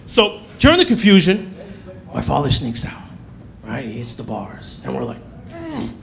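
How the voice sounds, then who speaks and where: A male stand-up comedian telling a story on a comedy club stage in an animated way, acting out the characters. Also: mid-range voice, normal speed, vocal fry.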